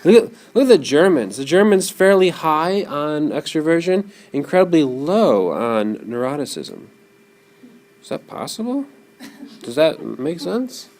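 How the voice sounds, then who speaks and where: A male lecturer with a fairly high-pitched voice goes through material in front of a class, speaking a little slowly. He's animated and keeps questioning his students along the way.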